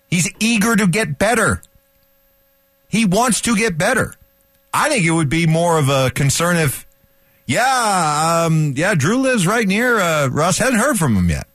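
A man's voice: high voice, fairly bright tone, no room sound. A man co-hosting a sports talk radio show, bantering casually, asking rhetorical questions, and laughing easily. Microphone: studio microphone.

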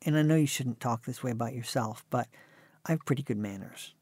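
A man's voice: mid-range voice, fairly quick, a little mellow, breathy edge, no echo. A man in his sixties telling stories as an interview guest in a dry, wry way. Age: 60s. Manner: dry, wry anecdotal delivery. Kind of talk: conversational storytelling.

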